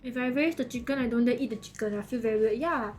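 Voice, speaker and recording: A woman's voice: on the high side, fast talker, a little hiss or hum. A woman chatting casually as a streamer, giggly and chatty with loose grammar. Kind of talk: casual reaction chat.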